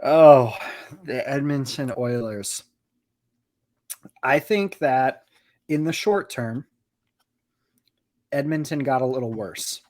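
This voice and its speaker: A man co-hosting a podcast, giving steady, analytical hockey talk with frequent "you know"s. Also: medium pitch, takes it slowly, long pauses. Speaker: podcast co-host. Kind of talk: casual hockey chat.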